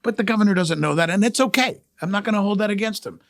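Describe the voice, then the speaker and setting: A middle-aged male journalist hosting a podcast, giving emphatic, animated news commentary and repeating key phrases for effect. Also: high-pitched, fast talker, gravelly, dry recording, clean studio sound.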